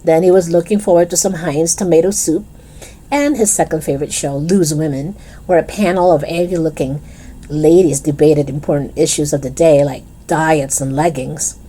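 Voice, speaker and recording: A woman's voice: low-pitched, normal speed, warm tone, a little hiss or hum. A woman reading a children's chapter book aloud, breaking off with playful asides to the reader. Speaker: storyteller.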